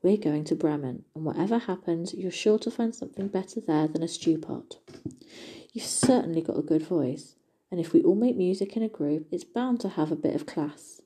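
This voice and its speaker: A friendly male donkey leads his animal band in a storybook tale, his talk hearty and coaxing, as a woman reads him. The voice sits low and husky. Its tone is deeply mellow. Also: expressive, moderate pace.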